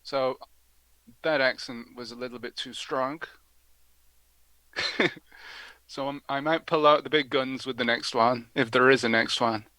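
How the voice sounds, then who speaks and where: A man's voice: mid-range voice, steady tone, a little slow, pauses often, sharp tone, no echo. A man hosting a prank call show, rambling through comedic commentary with giggly asides.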